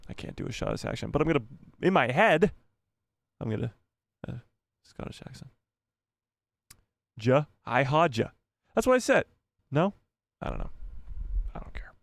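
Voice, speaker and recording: A man's voice: medium pitch, creaky, no room sound. Man, live-stream host, casual chat, joking, rambling, dry close sound. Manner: joking, rambling, laughs often. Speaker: livestream host.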